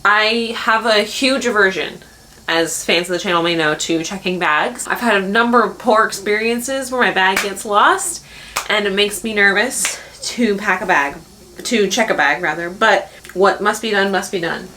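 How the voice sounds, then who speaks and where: A woman's voice: medium pitch, moderate pace, pushed and bright. Young woman rambling to camera, bubbly chatty vlog, faint hiss behind. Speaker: vlogger. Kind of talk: casual chat.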